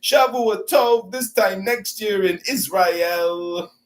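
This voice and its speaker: A man with a high voice mocks the room in a live audio chat, sarcastic and condescending as he trolls. He talks through a phone mic. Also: slow pace.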